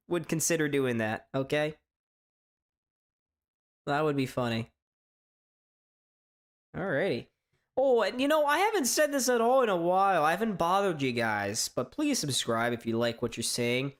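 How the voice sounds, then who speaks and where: A man from hosting a live sports reaction stream, chatting casually in a strained, hoarse voice, rambling and stammering through restarts. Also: fairly high pitch, expressive, unhurried, long pauses. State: voice straining from shouting. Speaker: sports fan livestream host.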